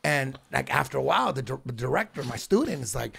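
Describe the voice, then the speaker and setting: A man telling a story in casual chat, animated, jumping between loud outbursts and hushed asides. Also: medium pitch, brisk, creaky, hardly any pauses, slightly rough. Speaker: guest.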